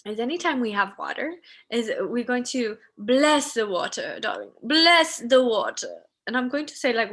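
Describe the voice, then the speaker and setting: Woman ceremony host on a live stream, slow devotional delivery, bright and pitched a little high. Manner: soft, slow and devotional when blessing. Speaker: spiritual teacher and ceremony host.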